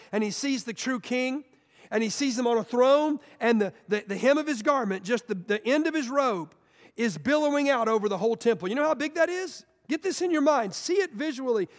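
A man with a strikingly high voice preaches a sermon as a guest speaker. He swings between loud, impassioned outbursts and hushed, quiet words, often repeating himself as he builds momentum. His voice rings out with a long reverb, like a big sanctuary.

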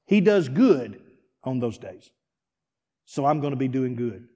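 A pastor preaching a sermon, swinging from hushed, quiet lines to near-shouted ones. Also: male voice, mid-range voice, very animated, a little slow. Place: church sanctuary. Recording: long reverb of a large hall.

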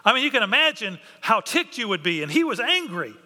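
A man preaching a sermon in a lively way, acting out the voices of biblical characters. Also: very high-pitched, fairly quick. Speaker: pastor. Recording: long hall reverb.

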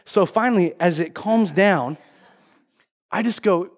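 Middle-aged pastor, man with a very high voice, playful and animated, good for a sermon opener. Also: a little slow. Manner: animated, joking storyteller.

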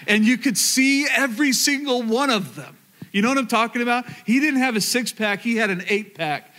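Southern pastor, male, higher voice, earnest sermon storyteller who restarts phrases. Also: normal speed, bright, forceful tone. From rural Oklahoma, USA. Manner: earnest, repeats words, addresses the crowd.

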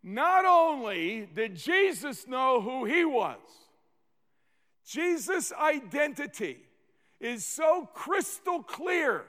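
A man preaching a sermon as pastor, in a deliberate and emphatic way with slow, stressed phrases. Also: extremely high pitch, sing-song, fairly bright tone. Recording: long reverb of a large hall.

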